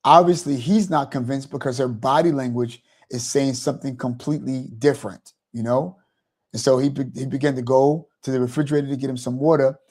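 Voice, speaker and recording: Man, host, motivational talk, rambling, mellow tone. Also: mid-range voice, steady tone, brisk. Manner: rambling, repeats "you know".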